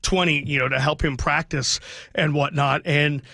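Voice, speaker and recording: A man's voice: a little high, fairly even intonation, normal speed, creaky, sharp tone, dry recording. A middle-aged man, a radio sports broadcaster, talking heartfelt and rambling about his son in a radio interview, choking up at times.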